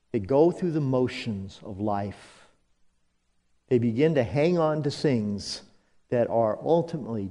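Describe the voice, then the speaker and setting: Slow-preaching pastor in a reverberant hall. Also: male voice, mid-range voice, warm tone. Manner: leads congregation call-and-response. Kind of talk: sermon. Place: church sanctuary. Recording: long reverb of a church hall.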